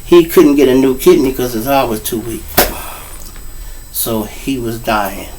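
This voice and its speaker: A man's voice: mid-range voice, a little slow, distant mic, noisy background. Profane Chicago man telling street stories. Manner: profane, rambling, keeps turning to the listeners with "y'all". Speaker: host. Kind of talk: street storytelling monologue.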